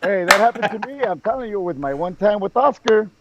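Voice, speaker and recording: A man, a former football coach, talking excitedly in a casual chat and tripping over his words as he pitches himself. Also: fairly quick, muffled recording, a loud crowd. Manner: excitable, repeats himself while pitching an idea. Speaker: guest, former high school football coach.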